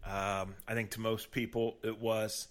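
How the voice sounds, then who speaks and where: Male podcast co-host with a slightly low voice; steady, measured commentary. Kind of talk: casual sports chat.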